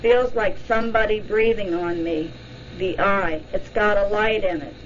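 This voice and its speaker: Brief: woman reading a shaken hypnosis subject, halting, lo-fi sound. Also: mid-range voice, slight background noise, lightly acted. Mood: dazed. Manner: halting, dazed first-person recall. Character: shaken woman recalling a glowing eye under hypnosis.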